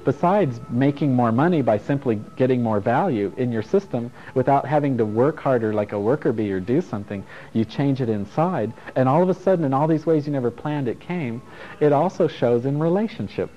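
A man's voice: medium pitch, lively intonation, brisk, mellow. Middle-aged male workshop teacher, frank, loose, swears easily, dull lo-fi sound with faint music behind. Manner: frank and playful, swears and chuckles often. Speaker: self-help workshop teacher. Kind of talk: casual workshop talk to a group.

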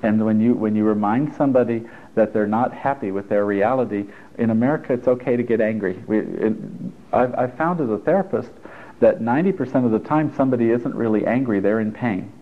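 A man's voice: on the low side, brisk. A man, a therapist, talking a group through a workshop in a chatty, encouraging way with joking asides. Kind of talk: live workshop talk to a group. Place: stuffy indoor room with an audience. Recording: tinny phone-like lo-fi recording.

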